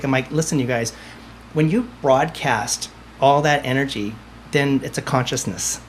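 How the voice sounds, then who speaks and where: A confident man, a medium speaking as a podcast guest, who tells stories with emphasis and circles back over his own phrases. His voice sits at an ordinary middle pitch, and a faint hiss runs under it. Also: moderate pace. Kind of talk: conversational interview answers.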